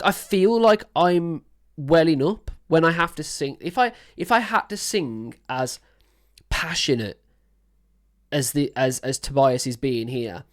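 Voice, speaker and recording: Picture a woman with a low, deep-set speaking voice hosting a music reaction. She rambles happily, piling on fillers and gushing over what she hears, in a loose and casual commentary. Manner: enthusiastic, rambling with many fillers.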